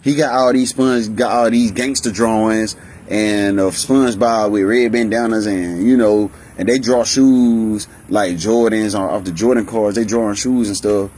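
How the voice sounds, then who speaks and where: A man's voice: darkish tone, a little hiss or hum. A young man, telling his life story in a rambling, emotional way, often restarting his sentences. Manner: rambling, emotional, restarts often, voices family members in higher pitch. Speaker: vlogger. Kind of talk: candid personal storytelling.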